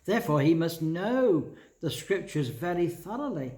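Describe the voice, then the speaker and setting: A man preaching from the pulpit, his voice sitting a little higher than most men's. He works through scripture step by step and turns to the congregation with questions. The sound rings around a roomy, echoing church. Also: big pitch swings, moderate pace, warm tone. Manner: explains scripture verse by verse, asks the congregation questions. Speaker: pastor. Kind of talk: sermon.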